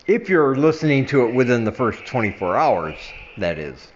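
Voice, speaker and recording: A man's voice: lively intonation, normal speed, muffled recording, slight background noise. An older man chatting casually to his viewers in a vlog, laughing at himself and slurring his words a little after some wine. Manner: chatty, laughs at himself, drifts into a low mumble at the ends of phrases. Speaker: vlogger. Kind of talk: casual chat to camera.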